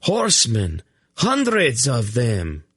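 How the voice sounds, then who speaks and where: A man voices an earnest young male archer, raising his pitch above his own natural voice to a medium level while keeping the delivery natural. The character speaks formally and urgently, avoiding contractions, at a normal speed in clean studio sound with no room noise.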